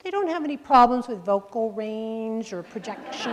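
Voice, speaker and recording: A woman's voice: on the high side, moderate pace. A woman coaching a group through breathing exercises in a live workshop, upbeat, joking and directive. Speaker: presentation skills coach. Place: large room with a group. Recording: reverberant hall sound.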